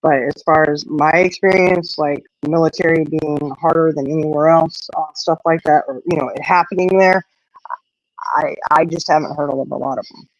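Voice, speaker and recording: A woman's voice: low-pitched, steady tone, normal speed, no room sound, poor audio. A middle-aged woman hosting a casual livestream while out on a walk, rambling with lots of "you know" as she answers viewers. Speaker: livestream host. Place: outdoors on an evening walk.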